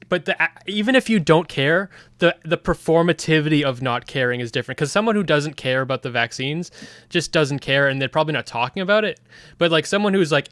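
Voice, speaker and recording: A man's voice: on the high side, sharp tone, clean tone, no echo. A man in casual group chat, rambling with many restarts and fillers. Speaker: podcast guest.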